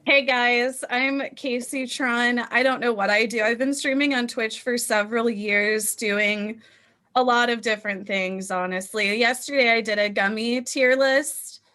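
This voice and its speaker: A woman's voice: fairly high pitch, steady tone, unhurried, sharp tone. A woman introducing herself as a streamer and player, laid-back and making light of herself. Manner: laid-back, self-deprecating. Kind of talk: casual chat.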